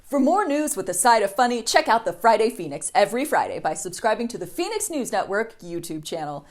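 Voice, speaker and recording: Sarcastic, lively woman news host. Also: medium pitch, brisk. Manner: sarcastic, with mocking voices for quotes. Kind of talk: scripted comedic news monologue.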